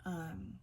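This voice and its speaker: A chatty woman gives a casual spiritual oracle card reading, drifting into rambling asides and reading the card meanings in a soft, slow cadence.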